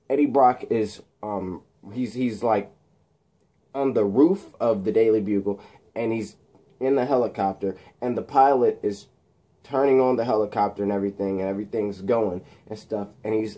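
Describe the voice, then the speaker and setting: A man's voice: on the low side, normal speed, warm tone. A man casually retelling a made-up film plot in a rambling way. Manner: rambling, many fillers and restarts. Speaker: storyteller.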